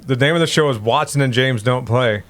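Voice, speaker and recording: A man co-hosting a podcast in casual chat, ranting with animated profanity. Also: medium pitch, a little fast. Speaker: podcast co-host.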